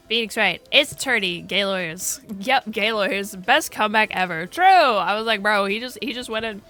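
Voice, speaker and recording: Bright-voiced young woman streamer. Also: medium pitch, lively intonation, moderate pace, hardly any pauses. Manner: crude, rambling and laughing, answers chat. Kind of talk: casual stream chat. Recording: music playing behind.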